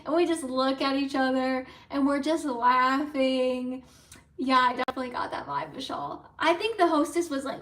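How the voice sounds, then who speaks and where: A young woman vlogger telling a story in a casual, chatty, excitable way, full of likes and ums. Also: high voice, moderate pace. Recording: roomy, from a distance off mic.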